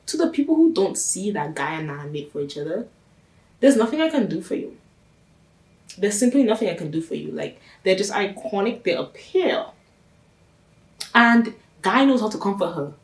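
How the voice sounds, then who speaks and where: A woman hosting her own channel, recapping a TV series in a chatty, gossipy way and stressing her points by repeating them. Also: medium pitch. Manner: chatty, gossipy, emphatic with repetitions. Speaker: reaction channel host. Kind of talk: casual TV recap commentary. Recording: roomy sound from a distance off the mic.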